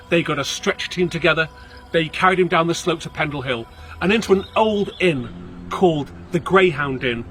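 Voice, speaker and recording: A man, a local guide telling a story on location outdoors, theatrical, shifting between hushed and loud. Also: a little high. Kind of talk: dramatic storytelling.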